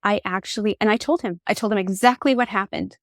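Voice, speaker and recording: A middle-aged woman tells personal stories, animated and candid, her pitch in the middle range for a woman. The recording is dry and close, with no room sound. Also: fast talker, no room sound. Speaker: podcast guest. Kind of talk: conversational storytelling. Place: podcast conversation.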